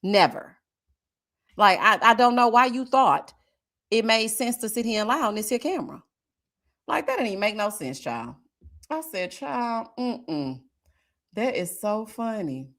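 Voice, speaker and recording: A woman's voice: fairly high pitch, moderate pace, long pauses. A woman in her forties hosting a live stream, chatting casually and sassily as she reads viewer comments. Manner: sassy, animated, drawling Southern Black vernacular with "child" and "baby". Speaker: livestream host reacting to a reality show.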